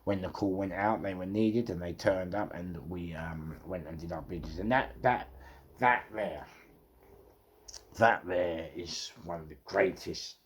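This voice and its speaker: Gravelly London man telling street stories. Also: low-pitched, a little slow, slight background noise. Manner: swears heavily, rough street talk; repeats words for emphasis. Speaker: storyteller. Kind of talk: casual storytelling.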